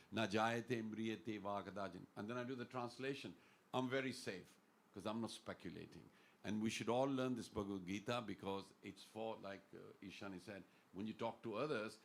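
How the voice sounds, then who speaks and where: A man giving an earnest, informal devotional talk in a temple class, telling stories and quoting Sanskrit verses. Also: fairly low pitch. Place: temple hall.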